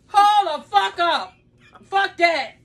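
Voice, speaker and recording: A woman shrieks and laughs through tears, her very high voice swooping up and down. She swears at every turn and her tone is bright and cutting. It is a mother's loud, emotional rant. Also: expressive, drawn-out words. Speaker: mother being pranked.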